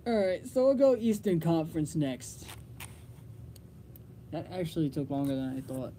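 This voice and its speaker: A man's voice: a little high, normal speed, mellow, slight background noise. A young man hosting a college radio sports show, talking casually in a rambling, filler-heavy way. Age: young adult.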